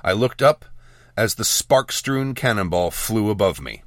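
A man with a low voice narrates a first-person fantasy audiobook, his pitch moving widely through the telling. The recording is close and dry, with no room sound. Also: animated, unhurried, a bit bright, no room sound.

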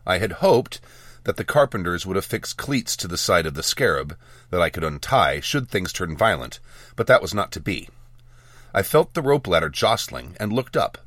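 A man narrating a first-person fantasy audiobook with measured storytelling and lively dialogue. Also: low-pitched, no echo, studio quality.

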